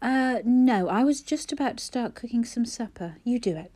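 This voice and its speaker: A woman's voice: a little high, animated, normal speed, warm tone, pitched above the performer's own voice. A woman voicing an older father who is flustered and evasive, in a storybook.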